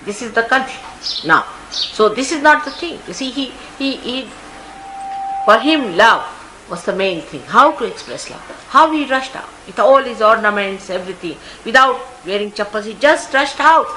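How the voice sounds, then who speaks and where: An older woman with an Indian English accent gives a spiritual talk at a large indoor gathering, her mid-range voice very animated at normal speed against a noisy background. As a spiritual teacher she is anecdotal and conversational, full of asides, and often says "you see".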